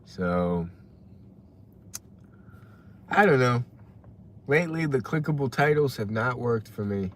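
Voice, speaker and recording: A man's voice: medium pitch, animated, slow, pauses often, slight background noise. A young man chatting casually on a live stream, rambling and greeting viewers by name as he reads the chat. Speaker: livestreamer reading chat.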